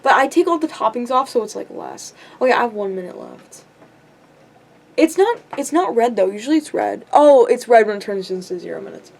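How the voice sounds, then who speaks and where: A woman's voice: on the high side, lively intonation, brisk, creaky, darkish tone. A teenage girl in a rambling vlog rant, frustrated and self-deprecating, swearing often and filling her talk with "like". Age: teens. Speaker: vlogger. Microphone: camera.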